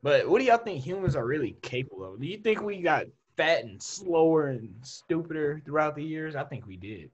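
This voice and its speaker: Husky, lively young man telling stories. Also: a little high, brisk, hardly any pauses, highs cut off. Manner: animated storyteller, laughs often. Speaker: podcast co-host. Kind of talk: casual chat.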